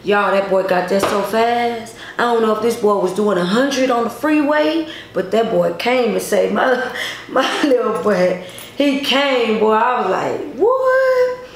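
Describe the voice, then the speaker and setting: A woman's voice: fairly high pitch, unhurried. A woman vlogger telling a personal story to her viewers in a casual, emphatic way, with many repetitions. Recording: echoey room, faint noise.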